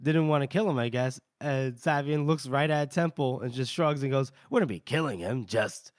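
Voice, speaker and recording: A man's voice: mid-range voice, dry recording, clean studio sound. A man co-hosting a podcast, casually recapping a novel's chapters and slipping into brief character voices with frequent laughs. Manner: retells scenes with quick put-on character lines and laughs. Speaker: podcast co-host. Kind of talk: casual chat recapping a book.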